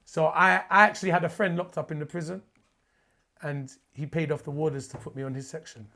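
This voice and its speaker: A man with a London accent tells his stories as a podcast guest. His voice is gravelly and sits a bit high. He swears easily and acts out the dialogue in his stories. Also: a little fast, sharp tone. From Hackney, London. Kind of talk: casual interview storytelling.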